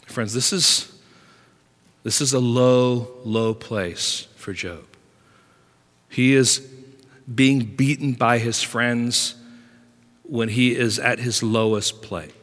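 A man preaching a sermon as pastor, swinging between hushed lines and loud, emphatic ones. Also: mid-range voice, slow, pauses often, big-room sound.

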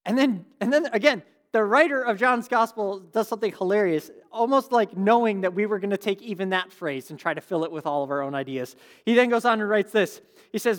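A middle-aged man preaching a sermon as pastor, in a relaxed, conversational and humorous way. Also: sits high, fairly quick, few pauses, long reverb tail.

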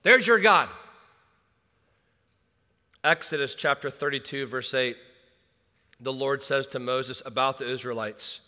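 A male pastor preaching a sermon, swinging from hushed asides to shouted urgency. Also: mid-range voice, a little slow, long pauses. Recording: long hall reverb.

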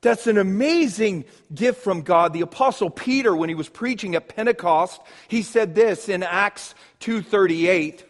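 A male pastor preaching a sermon with emphatic, drawn-out pauses. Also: high-pitched, long reverb tail.

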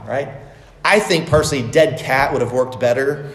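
A man's voice: medium pitch, normal speed, fairly bright tone. A man preaching a sermon, expressively acting out the quoted lines of the story. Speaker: pastor. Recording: echoey hall with long reverb.

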